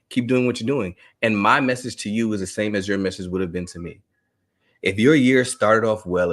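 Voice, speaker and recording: Brief: man in his thirties, lower voice, animated live talk to teachers, laughs a lot. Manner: animated storytelling, laughing often. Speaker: educator and speaker.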